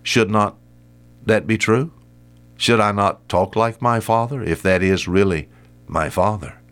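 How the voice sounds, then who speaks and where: A man's voice: fairly low pitch, unhurried, fairly bright tone. An older man preaching a sermon in a folksy, repetitive way, rising to emphatic bursts on key words.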